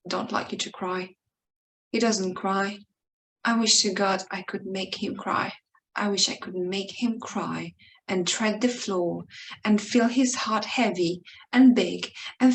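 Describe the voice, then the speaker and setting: A woman reading a short story aloud in a slow, emotional way, pleading and intense, now and then stumbling and restarting a word. Her pitch sits in an ordinary middle range. Faint noise hums under the recording. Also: low-quality recording. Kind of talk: expressive dramatic reading of a monologue.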